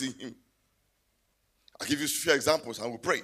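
A man preaching a sermon in a church, telling stories and rising to loud exclamations. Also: mid-range voice, expressive, fairly quick, pauses often, slightly rough.

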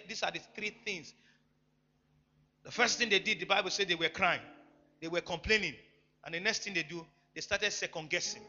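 Bright-voiced preacher in an echoey hall. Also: male voice, high voice. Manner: emphatic preaching with sudden loud bursts and quiet asides. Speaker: pastor. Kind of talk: sermon. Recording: echoey hall, dull lo-fi sound, faint music.

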